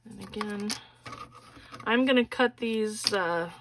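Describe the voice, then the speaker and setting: A woman's voice: mid-range voice, takes it slowly, background noise. Chatty woman demonstrating a craft project. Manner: chatty, frequent "okay?" check-ins. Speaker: crafting tutorial host. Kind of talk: casual step-by-step craft demonstration.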